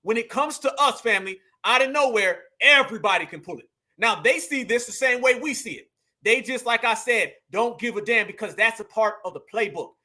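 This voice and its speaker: A man in talks straight to his audience like a preacher, calling them family. His voice sits high and rings bright. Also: animated, fairly quick. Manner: preachy, addresses viewers as family and y'all. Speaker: political commentary host. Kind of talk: casual political commentary.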